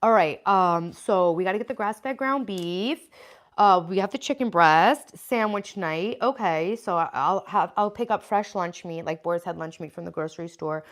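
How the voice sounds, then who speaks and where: A woman's voice: on the low side, moderate pace. Chatty woman in her thirties livestreaming. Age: 30s. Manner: chatty, scattered, frequent "um" and "like" while listing groceries. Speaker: livestream host. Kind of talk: casual livestream chat, reading viewer comments.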